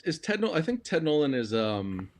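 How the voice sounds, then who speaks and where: A man's voice: fairly high pitch, big pitch swings, moderate pace. A man hosting a casual sports podcast livestream, thinking aloud with lots of ums and restarts. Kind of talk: casual hockey podcast chat.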